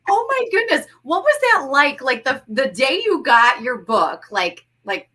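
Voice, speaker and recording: A woman hosting an interview speaks with a fairly high, bright voice. She asks questions warmly and breaks into effusive exclamations. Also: wildly swooping pitch, a little slow. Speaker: host.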